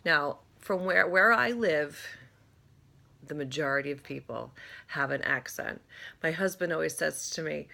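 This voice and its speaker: A woman's voice: sits low, bright, forceful tone. A woman from Rhode Island vlogging in a casual, rambling chat full of asides. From Rhode Island, USA. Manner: chatty and rambling, with many asides.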